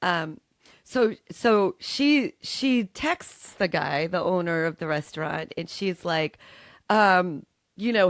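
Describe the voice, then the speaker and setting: A middle-aged woman co-hosting a podcast, telling a long story in animated, swearing, laughing casual chat. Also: fairly low pitch, slow, no echo. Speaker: podcast co-host.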